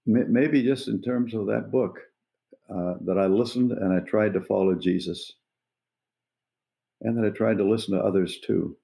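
Gravelly, dark-voiced man in his eighties. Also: fairly low pitch. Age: 80s. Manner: earnest, unhurried, pausing to find words. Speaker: evangelist guest. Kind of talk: reflective personal storytelling.

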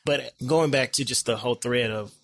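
A young American man chatting as a podcast guest, energetic and animated, laughing often and repeating words as his ideas tumble out. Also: medium pitch, moderate pace, gravelly, dry recording. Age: young adult. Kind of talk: casual conversational interview.

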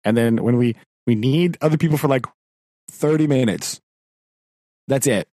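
A man's voice: medium pitch, normal speed, dark tone, dry recording, clean studio sound. A man, a teacher and podcast co-host, chatting casually and ranting in exasperation, laughing often and acting out quoted exchanges. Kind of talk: casual chat.

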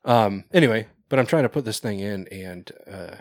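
A man's voice: lowish voice, lively intonation, normal speed, dry recording, studio quality. A man hosting a podcast in casual chat, rambling, swearing and laughing often. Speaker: podcast host.

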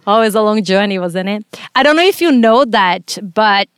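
A woman's voice: medium pitch, animated, normal speed, clean tone, no echo, clean studio sound. A woman with a non-native English accent, a veterinarian hosting a casual interview podcast, chatty and a little stumbling.

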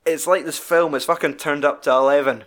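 A man's voice: a little high, fairly quick. A young man in casual film chat as podcast co-host, animatedly retelling scenes with lots of swearing. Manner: animated storytelling, sweary, quoting scenes in put-on voices.

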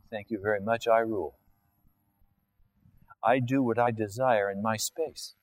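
A man preaching a sermon in a church, acting out biblical dialogue and everyday scenes in changing voices, with sudden high exclamations. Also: rough recording. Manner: slow, deliberate delivery with sudden high-pitched exclamations.

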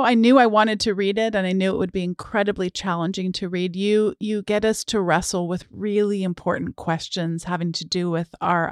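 A middle-aged woman hosting a podcast interview, reading quotes aloud slowly and laughing easily between questions. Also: mid-range voice, clean tone, dry recording, studio quality. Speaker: podcast host. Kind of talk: conversational interview.

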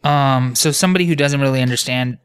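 A man's voice: medium pitch, fast, clear, resonant tone. A man co-hosting a casual podcast, playfully explaining a card game and reading out trivia questions while playing. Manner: playful, explains patiently, quizzes his partner. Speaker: podcast co-host.

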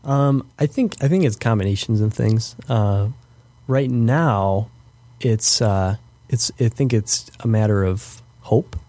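A man's voice: lowish voice, slow pace, warm tone, no room sound. A young man answering interview questions as a guest, thoughtful and hesitant, with frequent fillers and restarts. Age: young adult. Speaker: podcast guest.

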